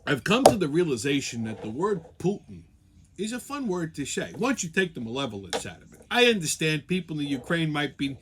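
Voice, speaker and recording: A man's voice: a little high, sing-song, a little fast, slight background noise. A male show host delivering a comedic rant in a profane, sarcastic, rambling way.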